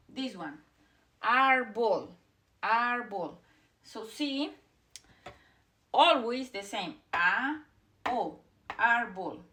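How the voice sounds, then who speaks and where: A young woman, a native Spanish speaker, teaches a beginner language lesson, patiently drilling each vowel and word again and again. Her voice is fairly high, pushed and bright.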